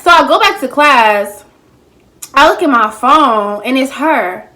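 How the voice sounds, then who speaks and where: A woman telling a casual storytime to her viewers, animated and slangy, talking straight to the camera while she eats. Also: sits high, unhurried. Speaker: vlogger.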